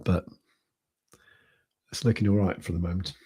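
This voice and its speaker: Husky low-voiced British man rambling. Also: fairly even intonation, normal speed, warm tone. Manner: rambling, thinking aloud with many fillers. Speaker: crypto trading livestream host. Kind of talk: casual live-stream chart commentary.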